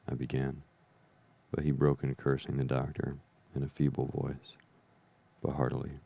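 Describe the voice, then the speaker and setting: A man reading an old adventure novel aloud as a calm bedtime story, slow, even and soothing. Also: very deep voice, gravelly. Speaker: podcast reader.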